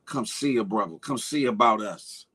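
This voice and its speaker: A man's voice: on the low side, normal speed, fairly bright tone, breathy edge. A man hosting a morning live stream, chatting loosely in slang, greeting viewers by name and riffing on internet gossip. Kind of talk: casual live-stream chat.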